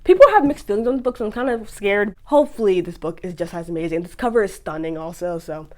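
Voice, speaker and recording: Young woman, book vlogger, animated and gushing, playful ranting, casual chat to camera. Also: mid-range voice, fast.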